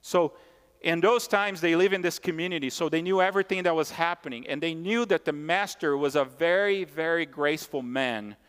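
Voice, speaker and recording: A man's voice: fairly high pitch, normal speed, fairly bright tone, clear, resonant tone. A man preaching a sermon as pastor, emphatic and conversational, repeating key points and tossing asides to the congregation. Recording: long hall reverb.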